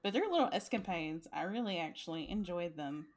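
A woman co-hosting a casual book chat, acting out characters' lines with big jumps in pitch and laughing often. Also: lively intonation, a little fast, a crowd in the background. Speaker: book podcast co-host.

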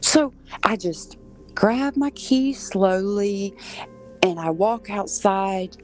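A woman's voice: medium pitch, animated, slow pace, faint music behind. A woman from Southern Georgia, a podcast guest earnestly telling a personal story and acting out voices she overheard. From Southern Georgia, USA.

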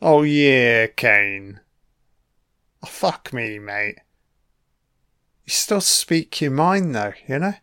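A man's voice: medium pitch, animated, drawn-out words, long pauses, bright, forceful tone, clear, resonant tone, no room sound, studio quality. Swearing man doing film commentary. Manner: swears freely, rambling asides, chuckles.

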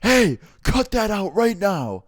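A young man voicing a quiet middle-aged bus driver who turns gruff and barking in a story. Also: lowish voice, a little fast, dry recording, clean studio sound, natural voice. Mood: yelling.

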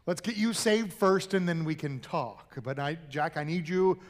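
A man voicing God in a joke, speaking slowly in a measured, reassuring tone. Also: a little high, expressive, long reverb tail, close to an everyday voice. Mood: calm. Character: calm, patient voice of God.

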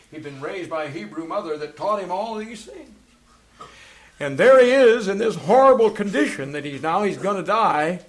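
A man preaching a sermon as pastor, fervent, swinging from loud declarations to hushed asides, and reading passages aloud. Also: high voice. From England. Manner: reads passages aloud from books.

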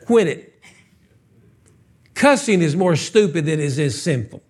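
Brief: male pastor, high-pitched, playful live sermon in a church, punchy questions. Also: measured pace, husky. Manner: animated, joking, fires off rhetorical questions. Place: church sanctuary, live service.

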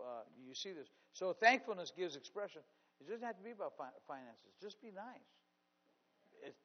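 A man preaching a sermon as pastor, telling a story with many restarts and swinging from hushed tones to loud, stressed lines. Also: on the high side. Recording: dull sound with long hall reverb.

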